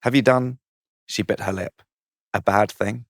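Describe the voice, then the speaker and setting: A man reads out a comic story in a playful, mischievous way, laughing at his own lines. His voice sits a little low. The sound is dry and close to the mic. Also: fairly even intonation, a little slow, no room sound. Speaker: comedian guest reading his story. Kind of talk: comic reading of a saucy story.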